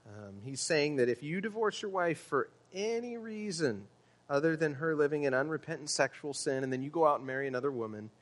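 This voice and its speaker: A man's voice: a little high, lively intonation, brisk. A man preaching a sermon as pastor, earnest and emphatic, with some ums. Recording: long hall reverb.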